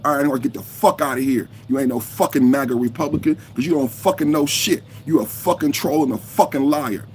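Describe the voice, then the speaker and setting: A man of fifty hosting a live podcast, reacting heatedly, cursing and shouting at trolls in the chat while he holds his phone. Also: mid-range voice, a little hiss or hum. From United States. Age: 50s. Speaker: podcast host. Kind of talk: live-stream reaction talk. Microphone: phone held in hand.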